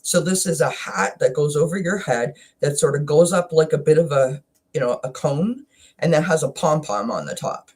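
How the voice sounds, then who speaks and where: A Canadian woman hosting a wellness chat, talking casually and emotionally about a personal experience, with frequent halting restarts and at times close to tears. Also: low-pitched, a little mellow, breathy edge. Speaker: wellness channel host.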